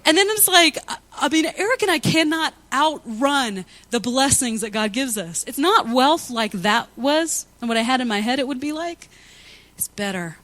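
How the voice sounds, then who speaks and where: A woman's voice: sits high, normal speed. A woman pastor giving a conversational sermon full of personal stories, laughing often as she talks. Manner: chatty, anecdotal, laughs often; animated storytelling with quoted asides.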